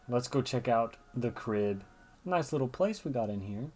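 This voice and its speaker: A man's voice: mid-range voice, animated, moderate pace, a little mellow. Chatty man doing gameplay commentary. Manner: chatty, thinks aloud, reads game dialogue. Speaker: gamer.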